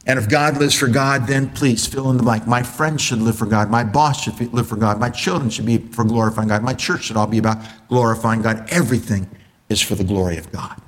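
A man preaches a sermon at a brisk pace, putting rhetorical questions to the congregation. He swings between loud enthusiasm and low, earnest tones.

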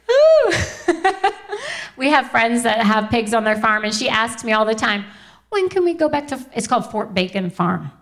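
A woman's voice: a little high, fairly bright tone. A woman in her thirties giving a heartfelt faith testimony to a live audience, earnest and chatty with laughing asides to the crowd. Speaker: Christian speaker.

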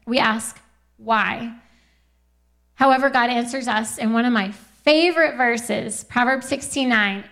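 A young woman giving a Christian testimony talk, earnest and quick to laugh, often quoting scripture. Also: on the high side, fairly bright tone.

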